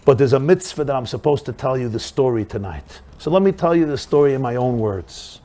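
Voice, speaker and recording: A man's voice: animated, a little fast, natural voice. A man doing a remorseful drunk father. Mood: humble. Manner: low, subdued confession that rises to loud pleading prayer.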